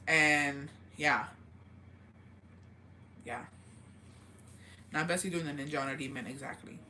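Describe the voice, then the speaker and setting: In a low-pitched voice, at a measured pace with frequent pauses, a woman hosts a casual livestream and reads viewer comments. Her storytelling is animated and filler-heavy, with plenty of swearing and laughter, and a little hiss or hum sits in the recording.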